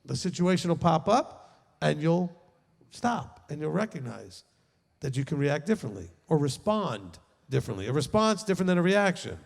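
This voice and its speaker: Rabbi teaching a group; a man with a high voice, emphatic and joking, reverb-heavy tent sound. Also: very animated, brisk. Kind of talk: lively teaching talk. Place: large tent with a live group.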